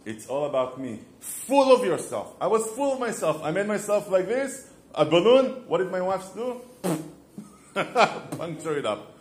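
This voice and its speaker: Very animated yet measured in pace, a high-pitched man hosts a podcast giving marriage advice. His informal religious monologue is full of stories and self-answered questions, recorded in an echoey room.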